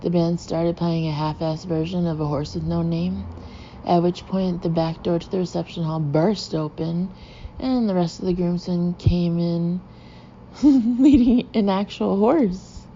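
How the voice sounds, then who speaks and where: A woman's voice: on the low side, flat delivery, normal speed, mellow, a little hiss or hum. A woman reading a novel aloud in the first person, with dry, wry storytelling. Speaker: audiobook reader. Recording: muffled lo-fi recording.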